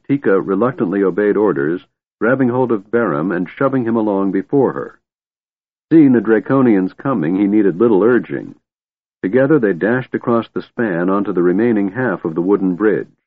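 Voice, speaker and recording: Male audiobook narrator, low voice, steady and measured, thin phone-like audio. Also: no echo. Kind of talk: scripted fantasy narration. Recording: tinny phone-like, dry.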